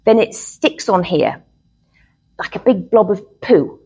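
A woman's voice: mid-range voice, lively intonation, slow, darkish tone, husky, low-quality recording. A middle-aged woman, a therapist, teaching a live workshop to a group in a chatty way, often checking in with "okay?".

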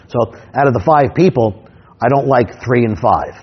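A husky-voiced man with a New York accent gives a punchy instructional talk on running a hypnosis show. He keeps checking in with "right?" and acts out little scenes. The sound is a bit dull and lo-fi. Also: medium pitch, brisk. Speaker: stage hypnotist teaching other performers.

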